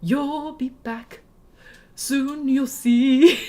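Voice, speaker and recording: A woman putting on a posh English accent to sing as a smug king, drawing out every word slowly. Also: high-pitched, fairly even intonation, a little mellow. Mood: smug, sneering. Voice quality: slow, drawn-out posh English delivery.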